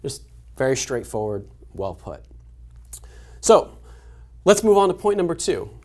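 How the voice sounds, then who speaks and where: A man's voice: mid-range voice, sing-song, a little slow, darkish tone. A man hosts a live webinar in an easy, conversational way. He leans on fillers and restarts his sentences as he thinks aloud. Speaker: webinar host. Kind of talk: casual webinar discussion.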